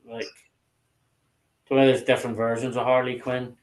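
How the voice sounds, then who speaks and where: A man chatting casually on a live stream, his voice sitting at a middling pitch. He rambles and swears at nearly every turn. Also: little pitch movement, moderate pace. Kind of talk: casual chat.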